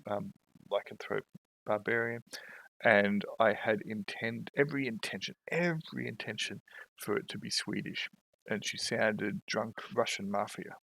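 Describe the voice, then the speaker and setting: A man's voice: fairly low pitch, a little slow, vocal fry, sharp tone, no echo, poor audio. A man running a tabletop game, chatting casually with wry humour. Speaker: game master. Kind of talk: casual game chat over voice call.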